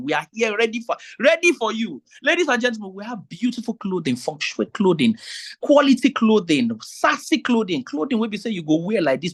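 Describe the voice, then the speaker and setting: Woman putting on a brash Nigerian hype announcer, rhythmic market-crier chant, swooping lively pitch. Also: husky. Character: loud hype-woman announcer selling a boutique.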